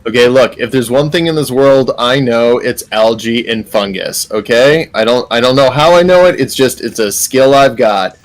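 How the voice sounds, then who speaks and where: A man playing a tabletop game, talking in character in an excitable, rambling way. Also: medium pitch, moderate pace, hardly any pauses. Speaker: player.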